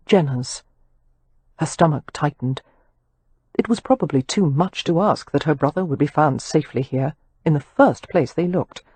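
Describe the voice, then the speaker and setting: In a low-pitched, slightly rough voice, a woman reads an audiobook expressively, like a storyteller, at a moderate pace with no echo.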